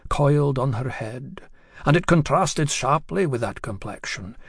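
A man narrating a story in the first person, in a measured, confiding way that speaks directly to the listener. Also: mid-range voice, expressive, creaky, slightly rough, no echo, clean studio sound.

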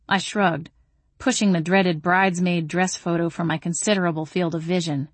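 A woman narrating a first-person audiobook in a wry, deadpan way. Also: lowish voice, normal speed, dry recording.

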